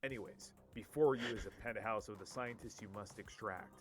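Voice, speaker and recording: Man as fed-up game master, cartoon skit, dry narration, clear music underneath. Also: fairly low pitch, brisk, lightly acted. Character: exasperated male game master.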